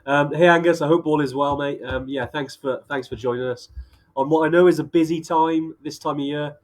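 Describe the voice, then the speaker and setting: A man's voice: on the high side, steady tone, brisk. A Welsh man co-hosting a casual live-stream chat, chatty and laughing often, with plenty of fillers. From Wales. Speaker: co-host.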